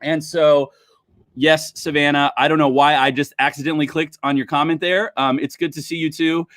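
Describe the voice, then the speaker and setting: A man's voice: a little high, level tone, normal speed, a bit bright, no room sound, studio quality. A man hosting a casual livestream wine tasting, chatting upbeat with viewers. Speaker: livestream host.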